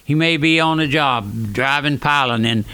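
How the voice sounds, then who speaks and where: Old preacher guy in his 90s, fervent radio sermon, goes loud then hushed. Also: mid-range voice, moderate pace, smooth. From South Louisiana. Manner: fervent preaching, swings between raised and hushed lines.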